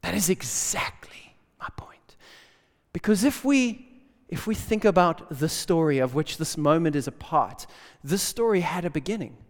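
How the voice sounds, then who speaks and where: A man preaching a lively sermon in casual slang, swinging between loud bursts and hushed asides. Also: on the high side, normal speed. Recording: long hall reverb.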